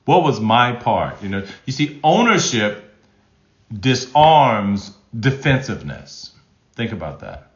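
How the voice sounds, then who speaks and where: Man, relationship coach, live stream, animated pitch, repeats key phrases, echoey room. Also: takes it slowly. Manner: emphatic, repeats key phrases, frequent restarts. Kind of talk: live-stream teaching, reading chat comments. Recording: roomy, slightly dull sound.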